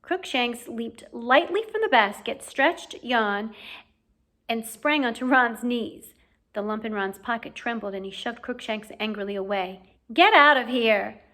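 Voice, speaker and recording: A woman reads a novel aloud in audiobook style. Her narration is clear and steady, in a fairly high voice. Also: a little slow. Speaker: audiobook reader.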